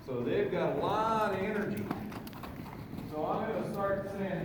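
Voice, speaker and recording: A man demonstrating horse groundwork in an outdoor round pen, talking in a relaxed, folksy way and chatting to the horse, picked up from far off. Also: high-pitched, unhurried, very echoey, big-room sound, noisy background. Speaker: horse trainer. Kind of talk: instructional demonstration.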